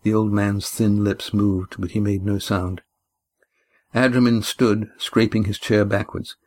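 A man reading a novel aloud as an audiobook narrator, with measured storytelling. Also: lowish voice, little pitch movement. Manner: measured storytelling, voicing each character lightly.

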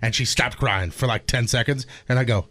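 A man's voice: medium pitch, fairly quick. A man talking casually with co-hosts, acting out what was said. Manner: expressive, acts out quotes. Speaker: co-host. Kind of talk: casual chat.

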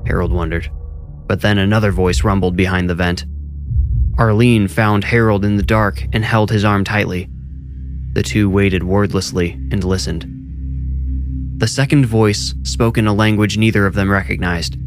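A man narrating a horror story in a measured, suspenseful way, with loud music behind. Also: on the low side, steady tone. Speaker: narrator and author.

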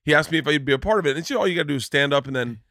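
A man's voice: fairly high pitch, pushed and bright, dry recording, clean studio sound. Rambling, cursing podcast host man. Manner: rambling, emotional storytelling with swearing; halting, many restarts. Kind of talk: casual chat.

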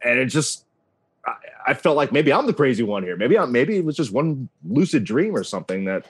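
Male guest, 30s, wrestling announcer; animated storyteller, mid pitch, voices the people he quotes. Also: a little fast, breathy edge. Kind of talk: casual interview storytelling.

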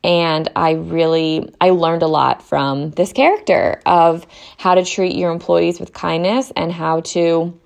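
Creaky-voiced young woman ranting about books. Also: on the low side, fairly even intonation, unhurried. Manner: chatty, exasperated ranting with many fillers. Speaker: book reviewer. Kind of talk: casual chat to camera.

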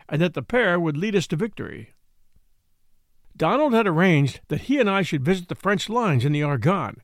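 A man narrating an audiobook of a memoir, his slightly high voice rising and falling with lively expression. He reads as a storyteller and gives the quoted lines a touch of acting. The recording is close and dry, with no room sound. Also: gravelly, no room sound. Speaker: podcast host and narrator.

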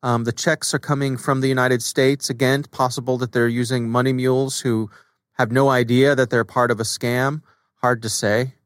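A man co-hosting a podcast, chatting in a relaxed way with plenty of fillers. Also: medium pitch, moderate pace, clear, resonant tone, dry recording, studio quality. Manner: relaxed, conversational, many fillers. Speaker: podcast co-host. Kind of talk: casual podcast chat.

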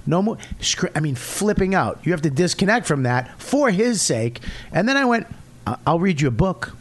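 A man's voice: high-pitched, normal speed. Boston guy comedian, cursing a lot, acting out quotes, voice bouncing all over. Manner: profane, animated storytelling with acted-out quotes. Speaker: comedian guest. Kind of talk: casual podcast chat.

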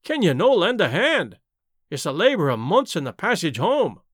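Man putting on a frantic Scottish woodcutter, high pleading wail, dry sound. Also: huge pitch swings, normal speed, fairly bright tone, dry recording, exaggerated voice.

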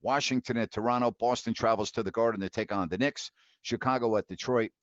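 A man's voice: medium pitch, fairly even intonation, brisk, no room sound. A man in his fifties hosting a live call-in sports talk show, ranting bluntly with laughs of disbelief and many restarts. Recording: dry, dull lo-fi mic.

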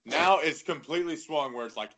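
Animated chatty man on a sports podcast. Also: fairly high pitch. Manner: animated, talks in quick bursts with lots of "like". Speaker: podcast co-host. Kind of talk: casual sports chat.

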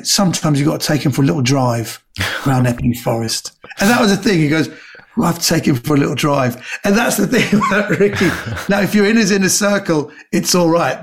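A comedian guest with a fairly high, creaky voice tells stories in casual chat. He's an animated storyteller who acts out the people he quotes.

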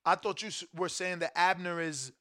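A young man hosting a casual podcast, arguing in a slangy, quick back-and-forth and taking callers. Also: high-pitched, fairly even intonation, a bit bright. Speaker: podcast host. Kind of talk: casual chat.

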